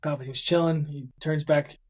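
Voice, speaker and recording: Husky-voiced man in relaxed chat. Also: fairly high pitch, normal speed. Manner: easygoing, reading aloud from a script. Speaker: podcast co-host. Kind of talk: casual chat.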